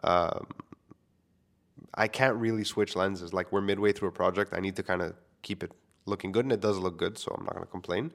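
A man's voice: low voice, steady tone, fairly quick, gravelly. A young man, a filmmaker, talking casually into a microphone to his listeners, candid and self-deprecating, swearing freely. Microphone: studio microphone.

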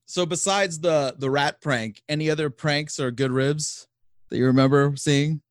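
An easygoing male interviewer asks questions in a relaxed way and laughs along with his guest. His voice is slightly high for a man and sounds dry and close, with no room echo. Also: measured pace. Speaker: podcast interviewer. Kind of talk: casual interview.

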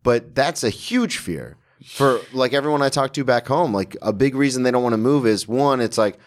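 A man's voice: medium pitch, moderate pace. A young man from Florida who hosts a comedy podcast, rambling easily and filling his talk with "like". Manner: relaxed, rambling, leans on "like". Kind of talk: casual podcast chat.

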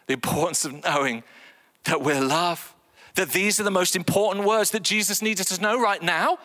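A man preaches a sermon in a lively, animated way, slipping into acted voices with wide pitch swings. His voice is bright and forceful, and it rings with the long reverb of a large hall. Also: normal speed.

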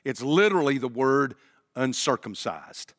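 A man's voice: mid-range voice, lively intonation, measured pace. A man preaching a sermon as pastor, talking to the congregation in a conversational way and asking rhetorical questions. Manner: addresses congregation directly.

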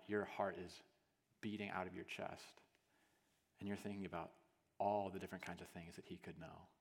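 A male pastor preaching a sermon as a vivid story, acting out scenes and swinging from hushed to loud, with lots of casual "like" fillers. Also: low-pitched, gravelly, husky. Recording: long hall reverb.

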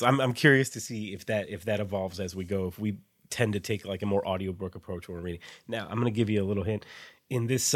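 On a writing podcast, a male co-host chats casually and fills his speech with "like." His voice is on the low side, captured with clean studio sound and no echo.

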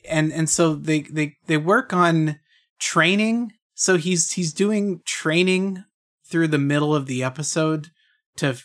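Laughing, halting podcast co-host man. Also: on the high side, a bit bright. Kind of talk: casual chat.

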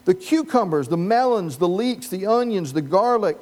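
At a moderate pace, a man with a notably high voice gives a sermon as pastor. His delivery is animated and funny, with riffs on the story and questions aimed at the congregation.

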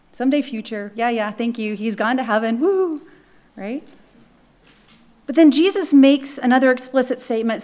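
High-voiced woman preaching with drama. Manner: expressive, acts out the voices of the text, drops to a hush. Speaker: pastor. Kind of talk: sermon.

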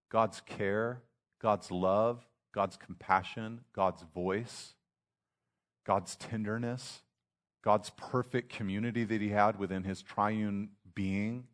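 A man delivers a sermon in a relaxed, conversational manner. His voice sits on the lower side, and he often backs up and restarts mid-sentence. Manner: conversational preaching with frequent restarts and acted asides. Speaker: pastor.

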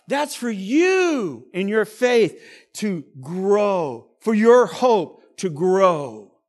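A male pastor delivers a sermon in a high voice, taking his time over each phrase. He swings from loud, pressing emphasis to quiet, drawn-back asides. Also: sing-song, drawn-out words.

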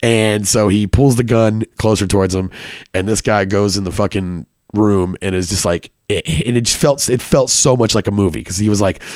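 A man's voice: lowish voice, fairly even intonation, normal speed, a little mellow, dry recording. A man telling a personal story casually, with lots of swearing and filler words.

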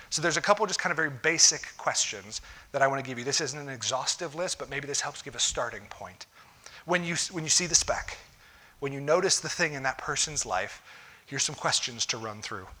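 A man's voice: medium pitch, sharp tone. A man preaching a conversational sermon, folksy and direct, often acting out what people say. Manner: folksy, talks straight to listeners, acts out quoted voices. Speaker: pastor.

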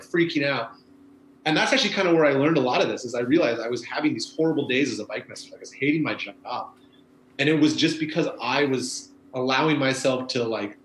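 A man's voice: mid-range voice, fairly bright tone, echoey room, a little hiss or hum, rough recording. A man, a former bike messenger, chatting casually and rambling with lots of fillers. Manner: rambling, laid-back, many fillers like "you know". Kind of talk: casual conversation.

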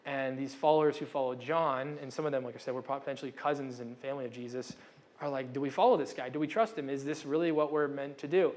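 A man's voice: mid-range voice, fairly even intonation, fast talker, a little mellow. A young man giving a casual, conversational sermon as pastor, often breaking off mid-sentence and acting out quotes. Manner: conversational, self-interrupting, acts out quotes.

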